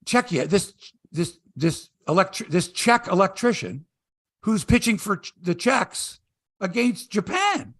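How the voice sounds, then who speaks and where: In clean studio sound with no echo, a middle-aged sports podcast host chats in an unhurried way. He's an animated storyteller who performs quotes in a high, raised voice.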